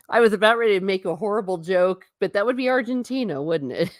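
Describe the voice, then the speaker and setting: A woman's voice: medium pitch, expressive, normal speed, pauses often, no echo, clean studio sound. A woman from the United States hosting a casual livestream, chatting and rambling, reading viewer comments aloud and laughing often. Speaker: livestream host reading chat.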